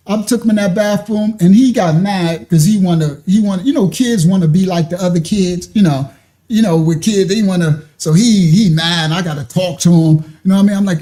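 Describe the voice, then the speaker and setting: A man telling a personal story in a casual way, animated and often laughing. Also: high-pitched, fairly quick. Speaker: ministry speaker.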